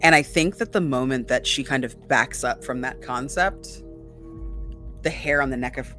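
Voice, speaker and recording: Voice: mid-range voice, normal speed, bright, forceful tone, faint music behind. Player narrating a character. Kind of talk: narrating a character in a tabletop game.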